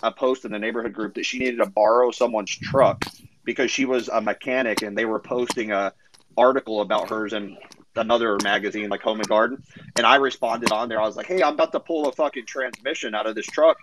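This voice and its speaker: A man's voice: lowish voice, steady tone, fast talker, background noise. A man in a casual online audio chat telling a sarcastic, profane story and acting out the other people's lines.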